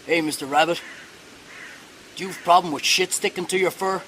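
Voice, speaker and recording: A man voicing a gentle, polite male bear in a joke he is telling. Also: sits high, fairly even intonation, a little fast, slight background noise.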